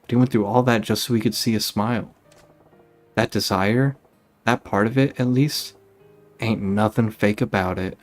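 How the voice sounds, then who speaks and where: A brash, tough male gangster from a video game, blunt and slangy in a low voice as a man reads his lines aloud. He talks plainly, with little put-on gruffness. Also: steady tone, moderate pace, long pauses, soft background music, natural voice. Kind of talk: reading game dialogue aloud.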